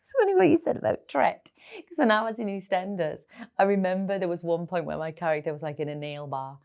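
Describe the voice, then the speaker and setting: A woman's voice: fairly low pitch, lively intonation, fast, creaky, darkish tone, clean tone. A middle-aged woman with a Geordie accent, a guest chatting candidly in an interview and telling stories full of "like" fillers. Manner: chatty storytelling, many "like" fillers. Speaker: guest actress.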